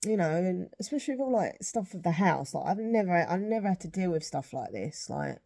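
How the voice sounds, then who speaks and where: Low-voiced emotional woman vlogging. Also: very animated, brisk, gravelly, mellow. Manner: rambling and apologetic, with sighs. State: emotional, close to tears. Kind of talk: casual chat to camera.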